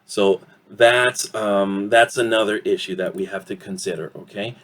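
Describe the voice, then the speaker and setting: A man teaching an online English pronunciation lesson, slow and deliberate, often ending points with "okay?" and filling pauses with "um". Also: lowish voice, steady tone, fairly bright tone.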